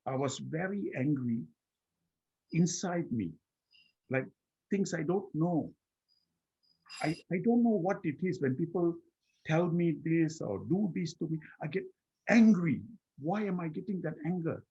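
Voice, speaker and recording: Husky-voiced man telling a personal story. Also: a little high, expressive, mellow, highs cut off. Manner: slow, repetitive, with many restarts. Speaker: guest speaker.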